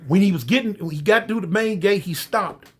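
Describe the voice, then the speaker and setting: A man's voice: high-pitched, brisk, husky. A man telling a story in a casual, conversational way, speaking directly to his listeners.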